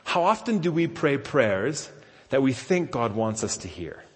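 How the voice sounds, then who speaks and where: Male pastor, mid-pitched, relaxed storytelling sermon, long hall reverb. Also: a little slow. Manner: conversational, self-deprecating storytelling. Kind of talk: conversational sermon.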